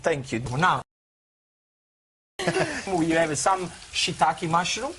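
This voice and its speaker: A man doing a cooking demonstration on a TV show, playful and excitable as he jokes with the presenters. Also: high-pitched, takes it slowly, a little hiss or hum. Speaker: TV chef guest.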